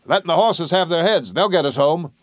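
A man playing a gruff, unflappable country doctor who gives brusque, clipped orders. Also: medium pitch, lively intonation, normal speed, no room sound, studio quality, lightly acted.

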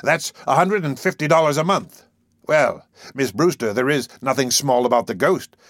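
Domineering sea captain, smooth and sardonic, voiced by a male reader, dry close recording. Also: medium pitch, normal speed, fairly bright tone, no echo, pitched above the performer's own voice.

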